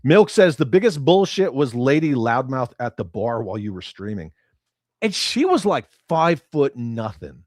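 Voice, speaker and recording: Male livestream host, blunt and profane, very animated pitch, dry close-mic sound. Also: no echo. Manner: profane, blunt, quick swings between loud and muttered. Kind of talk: casual livestream chat reading viewer comments.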